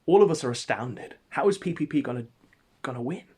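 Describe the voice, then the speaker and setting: A man telling an absurd story as comedic narration, in a deadpan, mock-epic way. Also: medium pitch, a little fast, husky.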